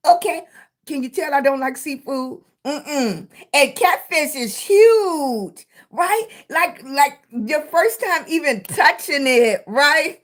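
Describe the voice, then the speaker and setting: A middle-aged Southern woman hosts a casual live stream, talking in a high, bright voice. She takes her time, greets viewers by name with "sweetie" and "baby," and cheers them on to keep going. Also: expressive, slow pace. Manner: warm greetings to chat viewers, with terms of endearment; encouraging, motivational. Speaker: livestream host.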